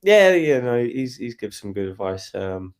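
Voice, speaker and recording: A young man, a guest fighter, chatting casually in a rambling, relaxed way on a video call. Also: mid-range voice, moderate pace. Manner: relaxed, rambling, laughs while telling stories. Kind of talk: casual interview chat.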